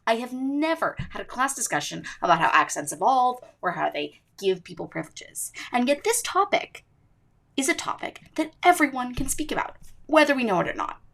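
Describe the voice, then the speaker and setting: A woman's voice: fairly high pitch, very animated, moderate pace, gravelly, a bit bright. A teenage girl hosting her own podcast, narrating with emphatic, swooping delivery. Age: teens. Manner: emphatic, rising and falling delivery. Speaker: student podcast host.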